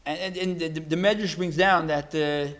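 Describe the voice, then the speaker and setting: A man giving a religious talk, telling a story in a halting way, with many restarts and repeated words. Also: a little high, steady tone, a bit bright. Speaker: religious teacher.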